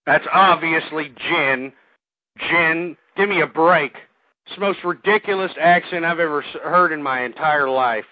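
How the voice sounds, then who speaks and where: A male talk radio host with a fairly high voice, ranting angrily and stumbling over repeated words. The sound is dry and thin, like a phone line. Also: a little slow, dry recording. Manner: angry, ranting, repeats himself.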